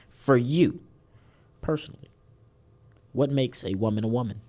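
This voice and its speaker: A man with a Southern US drawl hosts a casual political podcast. He jokes, rambles and leans hard on words for effect. His voice is mid-pitched. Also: unhurried, darkish tone. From Houston, Texas. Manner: joking, rambling, theatrical emphasis. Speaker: podcast host.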